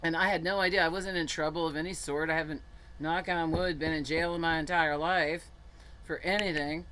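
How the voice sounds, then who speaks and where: A woman's voice: deep voice, fairly even intonation, brisk, fairly bright tone, slight background noise. A woman telling a personal story in a frank, chatty way, laughing often and swearing casually.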